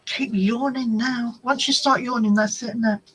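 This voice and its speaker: A woman's voice: a little high, fairly even intonation, moderate pace, a bit bright, breathy edge, poor audio. A woman hosting a casual live-stream chat from home, rambling and talking to commenters by name. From United Kingdom. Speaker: craft channel host.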